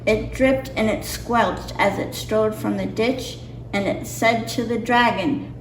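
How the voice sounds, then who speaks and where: A woman reading a picture book aloud, carefully and a touch nervously, in a fairly high, gravelly voice at a slow pace. The room is echoey and she sits well back from the microphone. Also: steady tone, a little hiss or hum. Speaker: storybook reader. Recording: roomy echo, mic far off.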